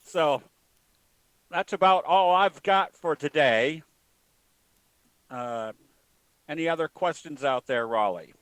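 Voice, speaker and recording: A man teaching trading in a plain-spoken, folksy way, pausing often with fillers. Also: on the high side, fairly bright tone, clear, resonant tone, dry recording, rough recording. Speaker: trading educator. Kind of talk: webinar talk with a told joke.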